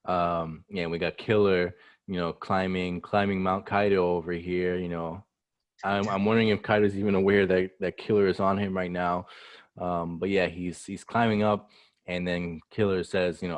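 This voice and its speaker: A man co-hosting a casual chat, relaxed and full of "you know" fillers. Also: sits low, normal speed, no room sound. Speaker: co-host.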